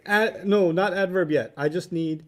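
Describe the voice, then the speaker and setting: A fairly high-pitched man leads a classroom lesson. He teases his students playfully and breaks into laughter as he explains. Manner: playful, teasing, quick to laugh. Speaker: teacher.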